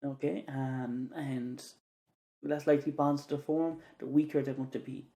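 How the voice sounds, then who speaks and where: A man's voice: mid-range voice, level tone, normal speed, mellow. A man teaching chemistry, walking through exam questions and repeating key words with frequent "okays". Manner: repeats key words for emphasis, many "okay"s. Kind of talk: exam walkthrough lesson.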